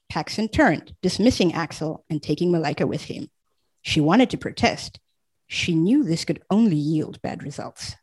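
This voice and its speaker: A woman reading a romance novel aloud as audiobook narrator, with steady, even storytelling. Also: low-pitched, moderate pace, slightly rough, dry recording, rough recording.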